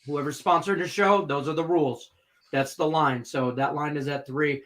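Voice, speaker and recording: A man's voice: fairly high pitch, steady tone, normal speed, a bit bright. A man co-hosting a sports betting live stream, explaining betting lines plainly and repeating words as he talks. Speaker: co-host. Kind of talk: casual live-stream chat.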